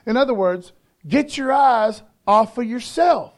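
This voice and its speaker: A man's voice: very high-pitched, normal speed. A male pastor preaching a sermon in a loose, conversational way, tossing in "man" and "okay?" between his points.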